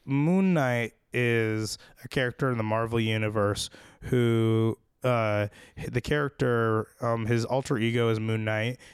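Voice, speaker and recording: Male co-host, smooth resonant voice, dry close sound, steady explainer. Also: mid-range voice, measured pace, no echo. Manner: explanatory, steady, hedges with ums. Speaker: podcast co-host. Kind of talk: casual chat.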